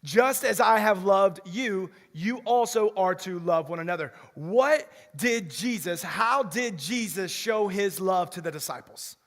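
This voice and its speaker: A young man preaching a lively sermon as pastor, often repeating words as he restarts a sentence. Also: high voice, measured pace, few pauses. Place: church sanctuary. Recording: long reverb of a church hall.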